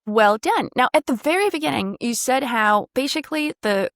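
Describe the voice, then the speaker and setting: A woman coaching pronunciation on a video call, demonstrating sounds and drifting into vocal fry at phrase ends. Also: sits high, expressive, normal speed, a bit bright, dry recording, studio quality. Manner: encouraging, demonstrative, drills sounds. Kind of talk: online one-on-one pronunciation lesson.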